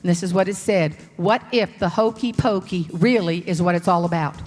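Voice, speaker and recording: A woman with a Southern US accent, a motivational speaker telling folksy, animated stories in a humorous keynote. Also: on the low side, normal speed, in a large hall, faint music behind. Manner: animated, folksy, slips into character voices. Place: large hall on stage.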